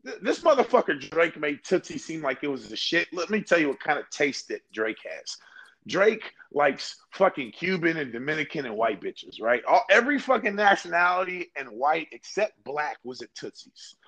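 Lively, profane young man telling stories. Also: fairly high pitch, moderate pace. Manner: profane, rambling storyteller. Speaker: podcast co-host. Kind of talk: casual chat.

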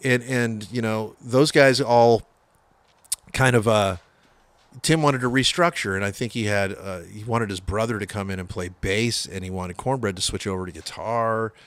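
Guest: man, Bay Area metal guitarist, low voice, swears a lot, acts out quotes as he tells the story, dry room sound. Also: moderate pace, no room sound. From San Francisco Bay Area. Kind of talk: casual storytelling interview.

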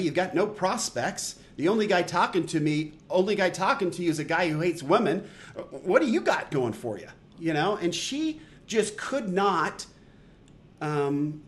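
A middle-aged man hosting a podcast, casually telling a personal story in a rambling, self-deprecating way with many restarts. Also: high voice. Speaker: podcast host.

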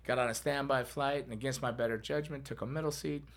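A middle-aged podcast host tells a rambling, casual story, laughing and acting out voices along the way. He speaks at medium pitch with a steady tone and a quick pace.

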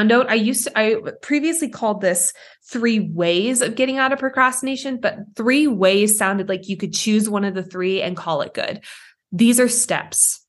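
A woman hosting a solo podcast, talking candidly and with feeling, acting out inner voices and swearing now and then. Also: medium pitch. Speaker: podcast host.

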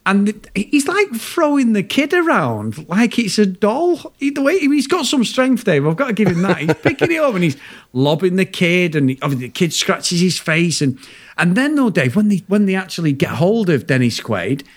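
A man's voice: sits high, big pitch swings, normal speed. A man co-hosting a podcast, ranting about a film in casual, sweary, exasperated chat. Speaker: podcast co-host.

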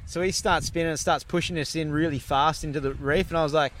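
A young man telling a story in a casual, animated way, swearing and laughing as he goes. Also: a little high, quick pace, hardly any pauses, a little hiss or hum.

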